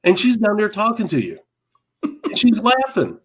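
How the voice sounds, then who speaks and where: A man co-hosting a casual live talk show, telling a long story in an animated way, laughing often and repeating himself. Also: high voice, moderate pace, a little hiss or hum. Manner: animated, laughing, repeats words, mild cursing. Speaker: podcast co-host.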